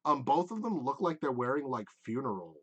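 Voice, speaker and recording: A man's voice: mid-range voice, big pitch swings, fairly quick, slightly rough, lo-fi sound. A man as game master, narrating a tabletop game in a rambling way with many fillers. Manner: rambling, lots of "like" and "um".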